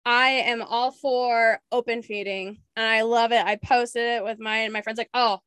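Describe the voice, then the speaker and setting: Outspoken young woman from washington, kinda high voice, dry close sound, laughs a lot. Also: little pitch movement, normal speed, fairly bright tone, clean tone, no room sound. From Washington state. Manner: blunt, outspoken, laughs often. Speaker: podcast host. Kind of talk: casual chat.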